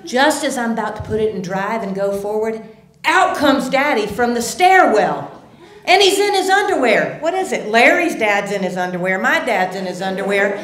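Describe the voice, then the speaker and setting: A woman's voice: fairly high pitch, normal speed. Woman telling a story in an echoey theater. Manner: animated, swings from hushed to shouting. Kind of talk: live story slam telling. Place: theater stage.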